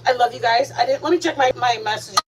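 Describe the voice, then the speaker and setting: A woman's voice: a little high, quick pace. An older woman hosting a home cooking livestream, chatting playfully with her viewers while she eats. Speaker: host of a cooking and eating livestream. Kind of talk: casual chat to viewers while eating. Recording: distant mic with background noise.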